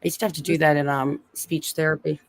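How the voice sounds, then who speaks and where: A woman's voice: sits low, level tone, fast. A woman with a slight lisp co-hosting a casual live stream from a rented room on her phone, chatting and laughing with viewers. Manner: giggly, chatty with chat readers. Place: Airbnb room.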